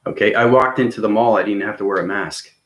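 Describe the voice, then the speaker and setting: Here a spiritual vlogger talks fast in a voice on the low side with a bit of brightness. He rambles through an intense, earnest monologue, repeatedly asking his viewers "okay?" and "right?".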